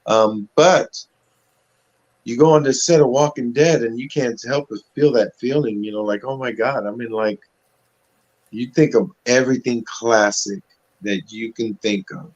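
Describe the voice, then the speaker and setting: A man guest telling stories in a casual interview, animated, acting out the voices of people he quotes, talking through a webcam on a video call. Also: medium pitch, a little slow. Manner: animated storyteller who acts out quoted voices. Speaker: actor guest. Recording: dull lo-fi audio.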